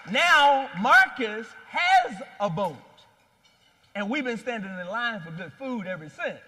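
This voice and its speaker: High, bright-voiced man telling stories on stage. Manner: animated storyteller, rallies the crowd. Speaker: founder and CEO giving a keynote. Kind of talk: live event speech with storytelling. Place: large hall at a live expo. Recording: long hall reverb.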